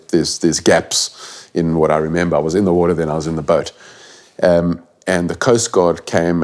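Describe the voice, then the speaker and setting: A middle-aged man tells a gripping personal story in an interview. His voice sits very low, and he talks bluntly and earnestly, dropping the odd swear word and restarting his sentences. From South Africa. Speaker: guest.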